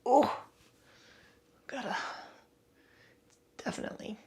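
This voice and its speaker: A woman's voice: slow, warm tone. A woman leading a yoga class, talking her way through the poses with chatty, self-mocking asides and casual swearing, a little out of breath. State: breathing heavily. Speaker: yoga instructor.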